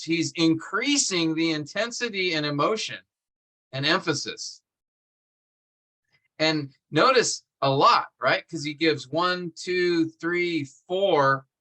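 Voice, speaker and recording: A man's voice: on the high side, pushed and bright. A man teaching a seminary class over a video call, explaining step by step and checking in with "right?". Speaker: seminary instructor.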